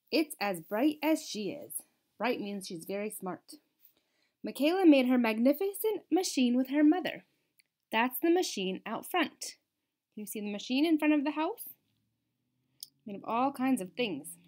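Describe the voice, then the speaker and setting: A woman's voice: on the high side, a little slow. A woman, an elementary school teacher, reading a picture book aloud to children and asking them questions as she goes. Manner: expressive, asks listeners questions. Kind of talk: storybook read-aloud for children.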